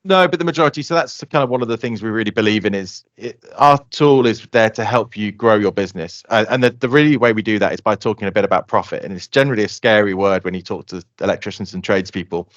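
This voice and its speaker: Man, low voice, rapid animated pitch, close dry mic, lo-fi. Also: no room sound. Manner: fast, animated explaining, acts out customer quotes. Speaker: software company guest. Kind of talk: casual podcast interview.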